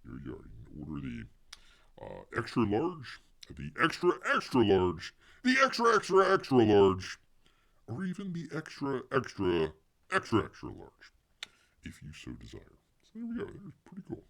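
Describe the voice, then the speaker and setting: A man's voice: mid-range voice, wildly swooping pitch, moderate pace, vocal fry, a bit bright. A man hosting a casual livestream, rambling to viewers, reading the chat aloud and calling himself Bear in the third person. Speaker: livestream host.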